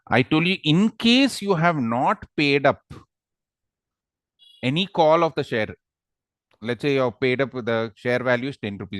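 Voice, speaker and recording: A man's voice: medium pitch, fairly bright tone, dry recording, clean studio sound. A man with an Indian English accent teaching an online law class, quizzing students and teasing them.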